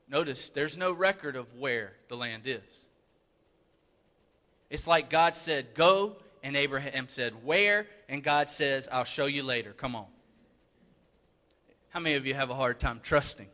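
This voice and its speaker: A man preaching a sermon with a high, bright, forceful voice. He speaks earnestly and conversationally, doubling back on words to drive a point home. His voice carries the long reverb of a church hall. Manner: earnest, emphatic, conversational, repeats words for stress. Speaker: pastor. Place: church sanctuary.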